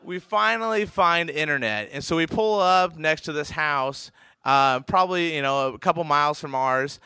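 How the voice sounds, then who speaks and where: A man from Oregon telling a comic personal anecdote, animated and chuckling through lots of fillers and restarts. His voice is fairly high, forceful and crisp. The sound is close and dry. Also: normal speed, dry recording. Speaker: storyteller, professional poker player.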